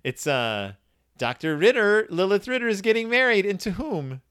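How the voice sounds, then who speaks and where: Man, casual book chat, animated delivery, bright forceful tone, quick bits of character voices. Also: sits high, clear, resonant tone.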